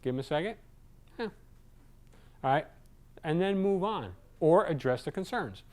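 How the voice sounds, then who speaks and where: Sales trainer, male, a touch high-voiced, lively and chatty, plays out customer lines. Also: moderate pace. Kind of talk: live sales training talk.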